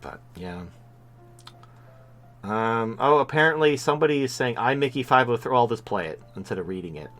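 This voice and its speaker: A man's voice: medium pitch, expressive, moderate pace, fairly bright tone, faint music behind. A man hosting a live-stream talk show, talking in blunt, rambling casual commentary with frequent restarts. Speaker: show host.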